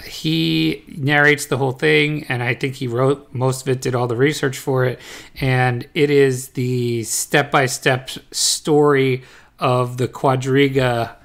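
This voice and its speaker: A man co-hosting a casual podcast, speaking at an everyday mid-range pitch. He talks in an easygoing, hesitant way, padding his thoughts with fillers. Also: slow, vocal fry. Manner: relaxed, hesitant, many fillers. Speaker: podcast co-host. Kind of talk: casual chat.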